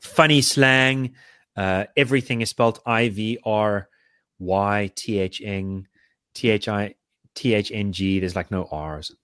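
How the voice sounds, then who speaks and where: A man's voice: lowish voice, a little slow, a bit bright, smooth, no echo, studio quality. A man chatting casually on a podcast, rambling with lots of restarts as he explains. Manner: rambling, many fillers and restarts. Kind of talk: casual chat.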